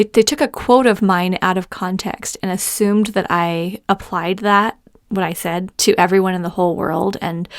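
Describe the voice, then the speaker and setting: In clean studio sound with no echo, a middle-aged podcast host tells personal stories in a chatty monologue, laughing frequently. Her voice is mid-range.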